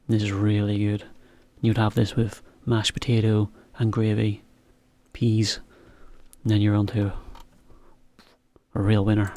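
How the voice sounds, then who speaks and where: Slow, low-voiced man teaching. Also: vocal fry, no echo. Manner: relaxed, chatty, laughs now and then. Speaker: English teacher. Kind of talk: slow, clear explanation for learners.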